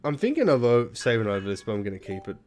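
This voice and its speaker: A man's voice: mid-range voice, sing-song, fast, a little mellow. A man playing a video game and commenting in a rambling, self-deprecating way, swearing often. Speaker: let's play gamer. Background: video game music.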